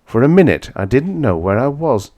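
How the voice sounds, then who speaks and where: A man reading a vintage science fiction story aloud in first person, dramatic, going from hushed to shouting. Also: medium pitch, very animated, normal speed. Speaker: audiobook reader.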